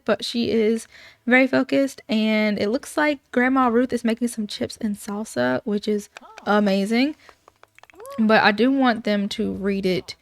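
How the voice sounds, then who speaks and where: A woman's voice: medium pitch, vocal fry. Chatty woman gamer narrating gameplay. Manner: chatty, upbeat, many fillers. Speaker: let's play gamer. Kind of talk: casual gameplay commentary.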